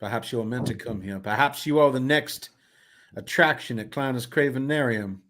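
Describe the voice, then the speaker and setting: A man voicing a bearded, cigar-smoking old carnival showman who speaks slowly in grand, old-fashioned phrases. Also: mid-range voice, fairly bright tone, natural voice. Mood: grandiose.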